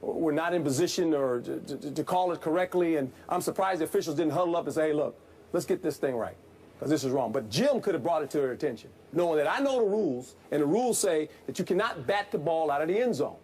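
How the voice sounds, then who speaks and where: A man's voice: a little high, expressive, fast, few pauses, darkish tone, slightly rough. A man who is a former football coach, giving plain-spoken, folksy analysis in a sports debate.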